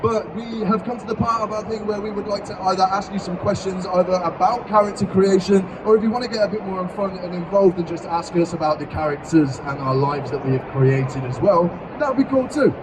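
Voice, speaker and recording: A man's voice: high voice, a little fast, hardly any pauses, far from the mic, noisy background. A man co-hosting a live convention talk on tabletop character creation, rambling and hesitant, with many fillers and self-corrections. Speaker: co-host teaching character creation. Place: convention stage.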